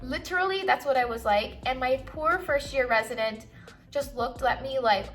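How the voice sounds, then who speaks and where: A woman's voice: high-pitched, normal speed, fairly bright tone, faint music behind. A young woman talking frankly and chattily while doing her makeup, a doctor vlogging. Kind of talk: casual get-ready-with-me chat.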